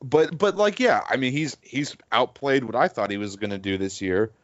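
A man's voice: mid-range voice, lively intonation, normal speed, lo-fi sound. A man co-hosting a casual sports podcast, talking in a rambling, hesitant way with many fillers. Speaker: podcast co-host.

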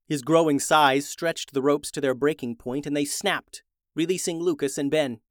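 A man narrating a children's adventure story in a lively, expressive way. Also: on the high side, dry recording, studio quality.

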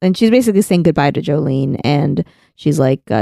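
A woman co-hosting a casual chat, retelling scenes with lively quoted lines. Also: low voice, fairly quick, gravelly, dry recording, clean studio sound. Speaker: podcast co-host. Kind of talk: casual chat recapping an anime.

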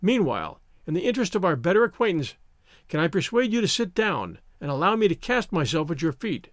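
A man's voice: sits high, sing-song, brisk, no room sound, studio quality. A man reading the part of a gallant, teasing young naval officer in an audiobook, playful and courtly.

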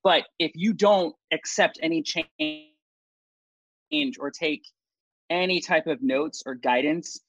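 A man's voice: on the high side, slow, a bit bright, dry recording. A man hosting a casual podcast, with blunt, opinionated delivery and some swearing. The sound is muffled and lo-fi. The room is dead dry. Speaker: podcast host. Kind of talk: casual chat.

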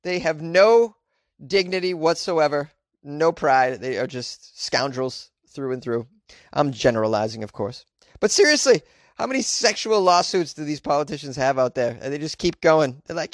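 A man's voice: on the high side, moderate pace, no echo, studio quality. Sarcastic man riffing on news. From United States. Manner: sarcastic, animated, laughs at stories. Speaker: commentator. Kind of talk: comedic news commentary.

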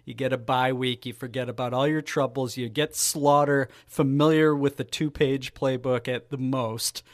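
A man's voice: mid-range voice, fairly even intonation, moderate pace. A man with a mid-range voice chats casually as a sports podcast co-host, slipping wry jokes and puns into his takes. The sound is dry and close, with no room echo. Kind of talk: casual chat.

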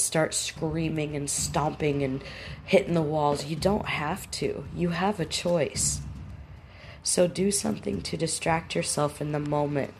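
A woman's voice: sits low, darkish tone, a little hiss or hum. A woman teaching about relationships in a plain-spoken, direct way, giving firm practical instructions. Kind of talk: instructional talk to camera.

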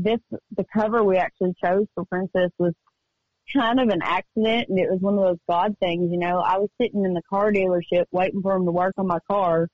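A woman singer-songwriter chatting as a guest in a radio interview, telling stories in an upbeat, quick way. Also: mid-range voice, dry recording, muffled recording. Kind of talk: casual radio interview chat. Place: remote call from home studio.

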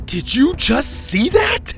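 A man voicing a bold but nervous young girl hero who shouts defiantly, in a storybook reading. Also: very high-pitched, wildly swooping pitch, slow pace, vocal fry, faint music behind, pitched above the performer's own voice, heavily acted. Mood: amazed.

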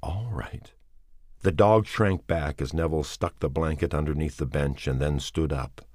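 Very deep-voiced male storyteller. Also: fairly even intonation, normal speed, a little mellow, dry recording, studio quality. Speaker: audiobook narrator. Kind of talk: dramatic audiobook reading.

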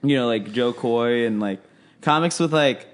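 A man's voice: medium pitch, moderate pace. A young man co-hosting a comedy podcast, rambling and joking, often breaking into laughter. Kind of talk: casual comedy podcast chat.

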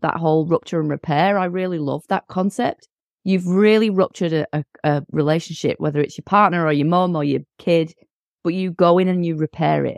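A woman's voice: on the low side, no echo, clean studio sound. A middle-aged woman chatting candidly as a podcast guest, acting out little bits of dialogue as she talks. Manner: candid and animated, acts out dialogue. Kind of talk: casual chat.

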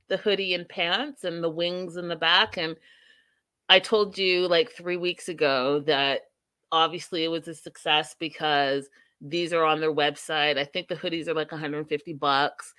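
A woman's voice: fairly low pitch, bright, forceful tone, dry recording. A young adult woman hosting a casual reality TV recap, chatty and opinionated, with playful asides to her viewers.

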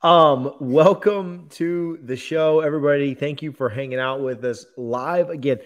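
A man's voice: a little high, measured pace. A man hosting a casual bourbon-chat podcast, joking, rambling and laughing with his co-hosts. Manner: jokey, rambling, laughs often. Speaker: podcast host.

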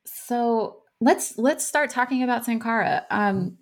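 A woman interviewer asking long, thoughtful questions, pausing often with ums. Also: a little high. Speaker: interviewer host.

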